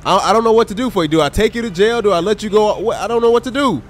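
In a rapid-fire, high-sitting voice, this man chats with his live-stream viewers while role-playing a state trooper in a police game, exclaiming animatedly at the characters. The audio carries a slight hiss or hum.

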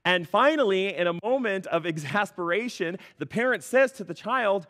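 A man preaching a sermon as a pastor, an animated storyteller who laughs through his mock outrage. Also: high-pitched, moderate pace, few pauses. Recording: long hall reverb.

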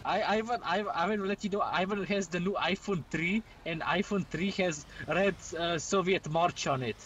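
A man doing a fake-Russian drug cook in a game role-play, high-pitched and chatty, his broken English peppered with "yes, yes" and talk about himself in the third person. The put-on accent is thick and playful, with a faint hum of noise behind. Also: normal speed, a bit bright, lo-fi sound. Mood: cheerful. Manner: broken English, repeats yes, yes, self-mocking.

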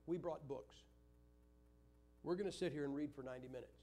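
A man's voice: fairly high pitch, brisk, mellow. An older man preaching in a church, teaching Sunday school with joking stories. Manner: joking, anecdotal storytelling.

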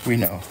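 Man, 30s, Australian accent, livestreamer, playful teasing chat, unhurried delivery, faint background noise. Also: low voice. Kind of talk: casual late-night livestream chat.

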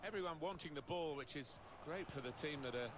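A man voicing a video game's football play-by-play commentator, calm and measured. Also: on the high side, lightly acted. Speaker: in-game match commentator.

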